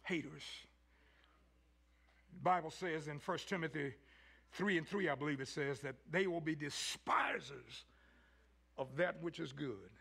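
A man preaching a sermon, swinging between shouted peaks and low, quiet stretches. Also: measured pace, vocal fry, long pauses, breathy edge. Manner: rising to shouts, then dropping low.

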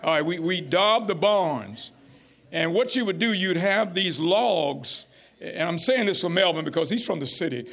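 A middle-aged man preaching a folksy, animated sermon as pastor. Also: high-pitched, normal speed, creaky. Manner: folksy, animated, rising to near-shouts.

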